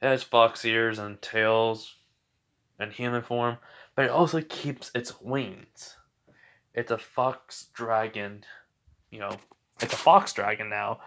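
A man's voice: mid-range voice, takes it slowly, long pauses, a bit bright. A young man casually improvising a fan fiction story, rambling with many fillers and self-corrections.

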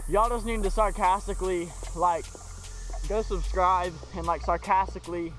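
A man's voice: high voice, fairly even intonation, moderate pace, a bit bright, faint music behind. A young man vlogging outdoors, talking in a sing-song way and filling every sentence with "sarcastically". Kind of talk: casual outdoor vlog. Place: outdoors by muddy water. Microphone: action camera.

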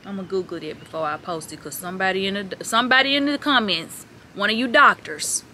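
A woman's voice: medium pitch, quick pace, bright, forceful tone. A woman vlogging at home, chatty and joking as she talks straight to her viewers while getting ready. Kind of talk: casual vlog talk to camera. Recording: echoey room with noise.

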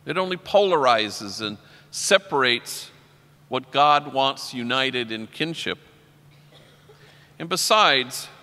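A middle-aged man, a priest, telling wry stories in a religious talk and slowing down for his punchlines. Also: fairly high pitch, sharp tone. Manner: wry, anecdotal, slows down for punchlines. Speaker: priest giving a keynote talk. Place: large convention hall. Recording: long reverb of a large hall.

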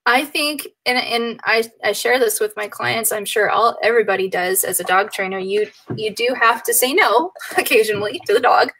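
A woman dog trainer chatting casually, animated, laughing often and acting out her clients' voices. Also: a little high, normal speed, few pauses, low-quality recording. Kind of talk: casual chat.

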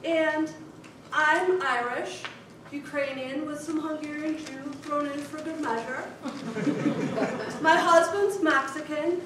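A woman in her thirties from Chicago, giving a humorous speech to an audience with a wry, deliberate storytelling manner. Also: sits high. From Chicago, USA. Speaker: contest speaker. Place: large echoey hall before an audience. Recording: echoey hall, distant mic, noisy.

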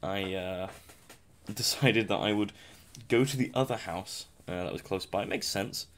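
A man's voice: on the low side, a little slow. A young man giving casual, rambling commentary over a survival game, self-mocking and chuckling often. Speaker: gameplay commentator.

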